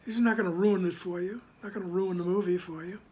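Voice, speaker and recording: Man, spiritual reading with commentary; hushed, near-whispered asides, slow deliberate delivery. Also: sits high, fairly even intonation. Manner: soft-spoken, often sinks to a whisper; slow, emphatic reading of passages. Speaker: spiritual text reader and teacher. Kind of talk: reading aloud with reflective commentary.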